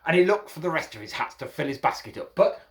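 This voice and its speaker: A man's voice: a little high, sing-song, quick pace. A man telling a children's folk tale, playful and addressing listeners as his friends. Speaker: storyteller.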